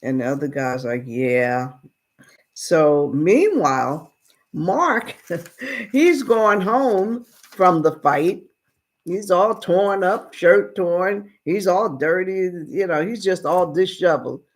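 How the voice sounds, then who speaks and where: A woman's voice: fairly low pitch, animated, slow. A woman retelling a story in a casual, folksy way and acting out the dialogue. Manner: drawling, folksy retelling with quoted voices. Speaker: speaker retelling a story for a lesson.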